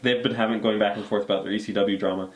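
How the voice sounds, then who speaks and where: A man co-hosting a casual chat, relaxed as he plainly retells the events. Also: lowish voice, racing. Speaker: podcast co-host. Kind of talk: casual chat recapping wrestling.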